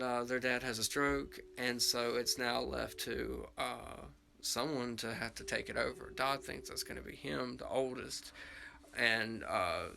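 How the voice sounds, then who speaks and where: Guy rambling thru a tv review, gravelly voice, lots of uhs and likes. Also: mid-range voice, sharp tone, rough recording. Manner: rambling, many fillers and self-corrections. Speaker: film and TV reviewer. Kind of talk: casual spoken episode review.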